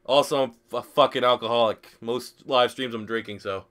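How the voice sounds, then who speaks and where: A man's voice: mid-range voice, fairly even intonation, normal speed, fairly bright tone. A young man live streaming a football video game, swearing freely, joking and reading chat questions aloud. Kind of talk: casual live stream commentary.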